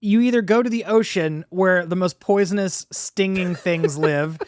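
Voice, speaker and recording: A man's voice: high-pitched, moderate pace, no room sound, studio quality. A man co-hosting a comedy podcast who agrees eagerly and riffs with enthusiasm in casual chat. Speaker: podcast co-host.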